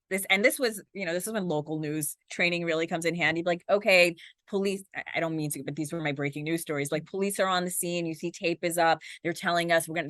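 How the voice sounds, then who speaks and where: Brief: woman anchor in her forties, quick and lively, slightly low voice, dry close mic. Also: dry recording. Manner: fast-talking, animated, acts out quotes. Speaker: news anchor and guest. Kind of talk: conversational interview.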